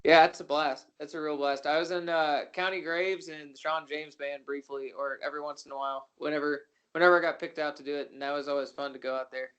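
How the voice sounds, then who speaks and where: A man's voice: on the high side, fairly even intonation, a little fast, hardly any pauses, clean tone, muffled recording. A young adult man, a country musician, chatting as a guest in a casual interview, self-deprecating and rambling with many restarts. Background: loud guitar music.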